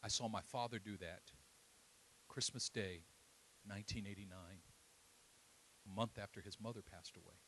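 A middle-aged man preaching a sermon, swinging between loud, soaring passages and quiet, hushed storytelling. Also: fairly low pitch, normal speed, pauses often, slight background noise, rough recording.

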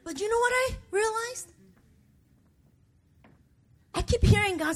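This middle-aged woman pastor has a very high-pitched voice and talks a little slowly. She preaches an emotional, confessional sermon, addressing the congregation personally, inviting their responses, and dropping conversational asides.

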